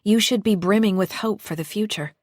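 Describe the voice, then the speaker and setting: A woman's voice: mid-range voice, darkish tone, dry recording, clean studio sound, close to an everyday voice. Woman voicing a flustered young store clerk. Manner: polite, hurried.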